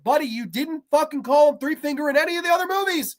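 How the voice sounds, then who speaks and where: A man's voice: very high-pitched, quick pace, hardly any pauses, darkish tone. A man in his twenties hosting a horror movie review, talking casually with a profane, sarcastic, ranting manner. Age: 20s.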